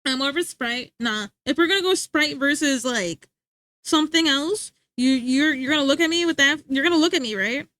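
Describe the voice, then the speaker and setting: Her voice is high-pitched and brisk, with a fairly bright tone, recorded dry. She's a young woman streaming from her home setup, reading chat aloud, playfully teasing her viewers and laughing often in casual conversation.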